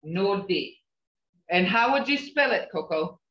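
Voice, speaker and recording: A woman's voice: fairly low pitch, expressive, measured pace, a bit bright, recorded from a distance. An older woman teaching a language class over a video call, coaching patiently and checking in with a frequent "okay?". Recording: muffled, echoey video call audio.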